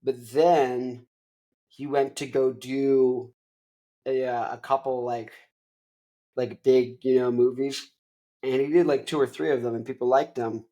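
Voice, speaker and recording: A man's voice: mid-range voice, level tone, unhurried, dark tone, poor audio. Young male podcast host, casual, rambling recap, filler-heavy delivery. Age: young adult. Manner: rambling, many fillers and restarts.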